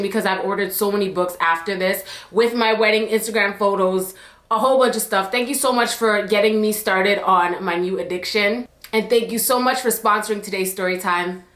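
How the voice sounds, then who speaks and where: A woman's voice: fairly high pitch, fairly bright tone. A young woman from Jamaica chatting to her viewers in a casual story-time vlog, bubbly, chatty and emotional. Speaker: YouTube vlogger. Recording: echoey room.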